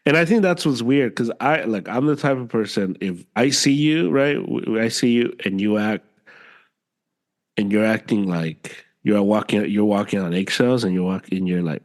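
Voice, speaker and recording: A man's voice: on the low side, moderate pace. A man co-hosting a podcast, venting in casual conversation and repeating himself for emphasis. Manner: animated, exasperated venting with repeated phrases. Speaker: podcast co-host. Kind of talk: casual chat.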